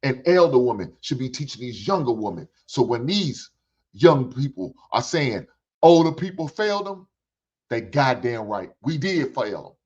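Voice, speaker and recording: A man's voice: medium pitch, very animated, moderate pace, a little mellow, breathy edge. An older man hosts a reaction show, ranting bluntly with lots of profanity and preaching in repeated phrases. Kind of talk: ranting commentary. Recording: dull lo-fi recording.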